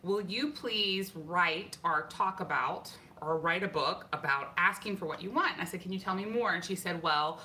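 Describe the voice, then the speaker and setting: A woman's voice: on the low side, moderate pace, few pauses, a little hiss or hum. A woman co-hosting a casual show, chatting and laughing with viewers. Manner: lively, laughing, greets viewers. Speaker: podcast co-host. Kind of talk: casual chat with live viewers.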